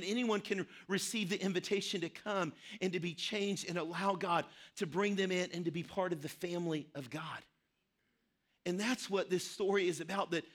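Guy pastor giving a sermon, bright forceful voice, earnest storyteller. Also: fairly high pitch. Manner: earnest storytelling with repeated phrases.

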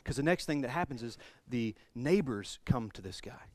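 A man preaching a sermon, retelling a scripture story with animated swings between quiet and loud passages. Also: mid-range voice, moderate pace, no room sound. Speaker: pastor.

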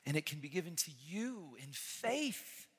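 A man preaching a sermon as a pastor, impassioned, swinging from hushed, quiet passages to loud, ringing calls. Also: a little high, sing-song, measured pace, slightly rough. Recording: long reverb of a large hall.

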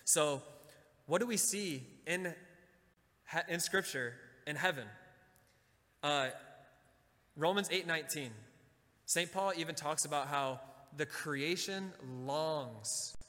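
A man giving a Catholic talk, leading the audience to repeat lines after him and slowing down for emphasis. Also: a little high, long reverb tail. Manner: slows and drops to a soft, quiet voice for emphasis. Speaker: Catholic speaker. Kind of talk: sermon talk with call-and-response.

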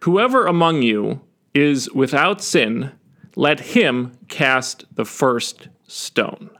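A weary religious teacher, as a man puts him on, calm and solemn. He speaks each word very slowly and deliberately in an ordinary man's voice. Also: mid-range voice, heavily acted. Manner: slow, sighing, solemn.

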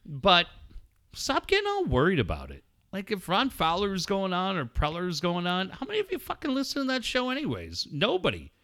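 A man hosting a sports talk radio show, ranting loudly and bluntly with lots of swearing and mocking asides. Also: high voice, huge pitch swings, brisk. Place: radio studio.

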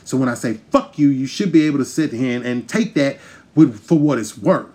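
A man's voice: mid-range voice, a little fast, dark tone. A man hosting a podcast, delivering a heated, profane, emphatic rant straight to his listeners. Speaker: podcast host. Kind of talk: ranting monologue.

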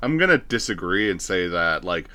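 A man's voice: low-pitched, big pitch swings, moderate pace, pushed and bright, clean tone. A man co-hosting a casual movie review chat, wry and joking as he gives his take. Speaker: podcast co-host.

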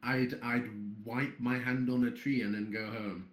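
A man's voice: mid-range voice, steady tone, a little slow, reverberant. A man who moderates a site, chatting bluntly on a podcast and swearing freely as he rambles along. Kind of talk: casual podcast chat.

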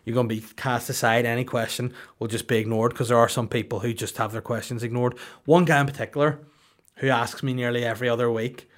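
A young man riffs through a comic podcast monologue, loose and crude. He wanders from bit to bit and keeps breaking into goofy put-on voices. His pitch sits in an ordinary middle range for a man. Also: flat delivery, quick pace. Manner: rambling, crude, acts out silly voices. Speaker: podcast host.

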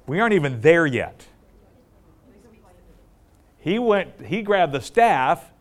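Speaking slowly with frequent pauses, a preacher with a fairly high-pitched voice teaches from the Bible conversationally. He's animated, puts questions to his listeners, and acts out the quotes.

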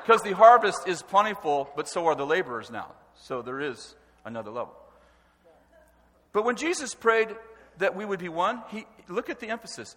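A man preaching a sermon with animated, emphatic delivery and stresses that rise to a shout. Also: sits high, normal speed. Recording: long hall reverb.

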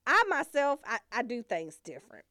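A high-pitched, wildly swooping woman rants through a comedy routine, loud and profane and laughing at her own jokes. The recording is close and dry. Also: moderate pace, no echo. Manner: loud, animated, swearing freely, laughing often.

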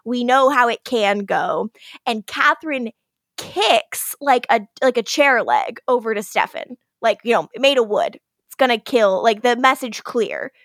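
High-voiced woman, dry close sound. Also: a little slow, dry recording. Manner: animated, profane storytelling. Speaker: podcast co-host. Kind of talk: casual recap chat.

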